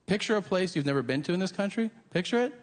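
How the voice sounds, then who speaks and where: A man performs stand-up on stage, his voice sitting a little high and his delivery profane and mocking. He keeps slipping into the voices of the people he describes. The live hall rings with a long echo, and the crowd's ambience comes through clearly. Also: expressive, fast, noisy background. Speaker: stand-up comedian. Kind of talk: stand-up comedy set. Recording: live hall recording with reverb.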